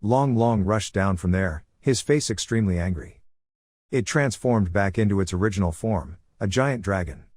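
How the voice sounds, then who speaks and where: A man reading a comic recap as scripted narration in a steady, even delivery. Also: fairly low pitch, moderate pace, no room sound, studio quality.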